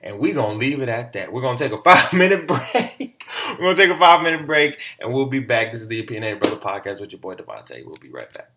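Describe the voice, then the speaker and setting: A man hosting a casual solo podcast, talking in an animated, slangy way with plenty of swearing. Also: medium pitch, quick pace, slight background noise. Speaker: podcast host.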